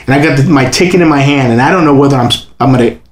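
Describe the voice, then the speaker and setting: A man telling a long personal story in casual chat, acting out the people he quotes by jumping to a much higher voice. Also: racing. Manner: animated, acts out quoted voices in a high pitch. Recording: echoey room with faint ambience.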